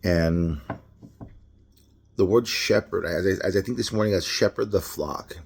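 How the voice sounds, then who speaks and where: Slightly slow and low, his voice creaky and a touch rough, a Los Angeles man with a local accent delivers a casual devotional talk without a script. He rambles, corrects himself, starts over many times, and laughs often.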